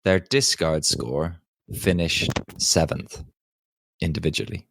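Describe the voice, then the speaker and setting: Low-voiced enthusiastic male podcast co-host. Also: slow, vocal fry, fairly bright tone. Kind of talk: casual podcast chat.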